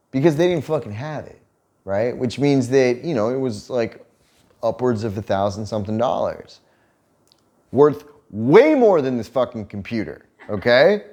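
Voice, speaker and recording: A man in his thirties spins a casual story on a couple's vlog. His pitch swings widely as he tells it, with plenty of swearing and laughter mixed in. His voice sits in a middling register for a man. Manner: profane, animated retelling with laughter. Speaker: vlog co-host.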